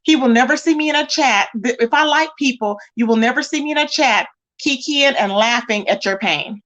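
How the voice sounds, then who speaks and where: Woman livestream host, high voice, chatty and emphatic, reads comments and greets viewers. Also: a little fast, fairly bright tone. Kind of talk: casual livestream chat.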